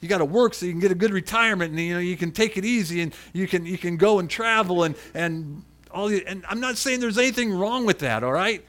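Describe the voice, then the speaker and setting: A man's voice: sits high, quick pace, a bit bright. A middle-aged man preaching a sermon in a conversational way and calling on people in the congregation by name. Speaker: pastor.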